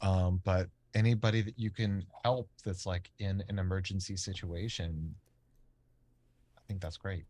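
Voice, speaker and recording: A man co-hosting a casual podcast chat, joking in a deadpan, mock-formal way. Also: low voice, a little slow, no room sound. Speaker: podcast co-host.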